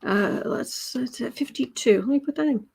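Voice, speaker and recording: A woman's voice: high voice, normal speed, vocal fry, darkish tone, husky. An American woman hosting a tarot livestream, chatting casually and sarcastically while reading out viewer comments. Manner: chatty, sarcastic, mocking asides. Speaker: tarot reader livestream host.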